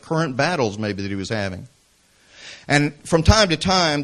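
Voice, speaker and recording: A man with a Southern American accent from Atlanta, preaching a sermon as pastor, mixing emphatic exhortation with storytelling asides. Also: medium pitch. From Atlanta, Georgia, US. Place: church service.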